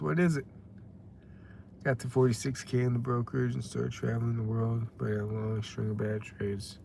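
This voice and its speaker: A man's voice: medium pitch, level tone, moderate pace, creaky, dark tone, a little hiss or hum. A young man chatting casually on a live stream, rambling and greeting viewers by name as he reads the chat. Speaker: livestreamer reading chat.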